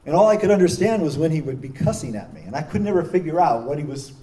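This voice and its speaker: A man's voice: on the high side, sing-song, fast talker, warm tone. A middle-aged man, a prison chaplain, telling his story in a folksy, self-deprecating way. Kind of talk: storytelling talk. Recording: distant mic with faint noise.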